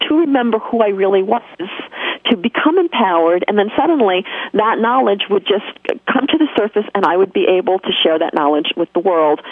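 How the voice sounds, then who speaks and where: A woman's voice: mid-range voice, husky, no echo. A woman with a New York accent, telling a personal spiritual story as an interview guest, earnest and emphatic with frequent restarts. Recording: tinny phone line, dry.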